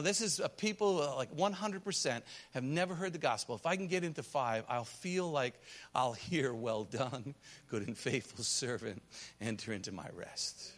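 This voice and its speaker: A missionary pastor speaking to a congregation on a church stage, telling stories and acting out the voices of the people in them. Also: male voice, fairly high pitch. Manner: animated storytelling, acts out quoted voices. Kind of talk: sermon testimony to a congregation. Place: church stage under lights.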